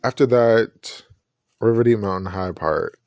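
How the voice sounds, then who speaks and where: A man's voice: fairly low pitch, a little slow, a little mellow, dry recording, clean studio sound. A man hosting his own podcast, talking earnestly and reflectively and often restarting his sentences. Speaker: podcast host. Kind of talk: personal podcast commentary.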